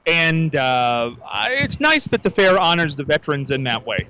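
Lively, bright-voiced male radio co-host. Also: fairly high pitch, moderate pace, smooth, rough recording. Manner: chatty, lists details eagerly. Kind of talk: casual on-air chat. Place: outdoors at a county fair.

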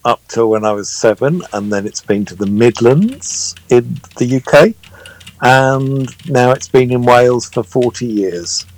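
Older london guy, near cockney accent, slow and hesitant, lots of ums, guest on a call-in chat. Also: mid-range voice, poor audio. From London, England. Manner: unhurried, hesitant, with many fillers. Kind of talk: casual interview over a messaging app.

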